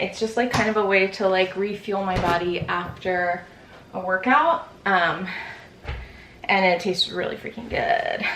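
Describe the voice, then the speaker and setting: A woman's voice: on the low side, slight background noise. A young woman in her twenties chatting casually in a vlog, rambling with lots of fillers, out of breath after a workout. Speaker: vlogger. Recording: echoey room.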